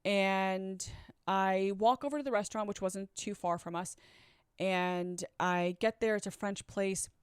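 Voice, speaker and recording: A woman's voice: medium pitch, steady tone, a little slow, smooth, no room sound, clean studio sound. A woman candidly telling her own story in a conversational, blunt way, sometimes swearing. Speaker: vlogger. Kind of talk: personal storytelling.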